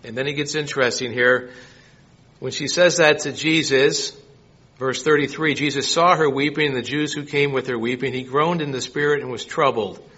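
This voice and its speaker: A man's voice: mid-range voice, steady tone, normal speed, sharp tone, dull audio. A man preaching a sermon, reading scripture and asking his listeners rhetorical questions. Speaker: pastor.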